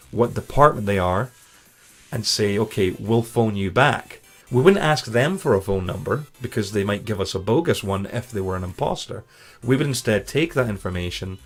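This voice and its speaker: A man giving an informal instructional talk on streaming safety, conversational and full of "you know" and quick self-corrections. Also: on the low side. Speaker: streaming educator.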